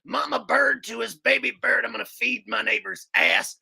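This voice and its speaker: Man doing a wailing, gravelly ranting host. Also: fairly even intonation, normal speed, full character voice. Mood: sobbing rage. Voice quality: gravelly, high and shouting. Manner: wailing and bellowing rant. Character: man, a ranting radio host impression, sobbing and furious.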